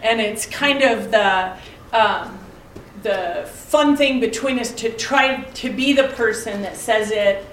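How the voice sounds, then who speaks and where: Middle-aged woman, Bible study teacher, slightly high voice, conversational with rhetorical questions, recorded from a distance in an echoey room. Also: takes it slowly, fairly bright tone, slight background noise. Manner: asks listeners pointed rhetorical questions, tells family anecdotes.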